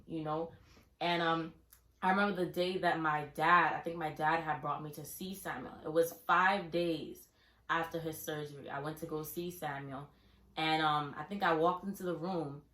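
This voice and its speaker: A young woman telling a family story casually, acting out her younger self's questions and laughing through the worst parts. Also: low-pitched. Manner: animated, acts out her younger self in quoted questions. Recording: echoey room.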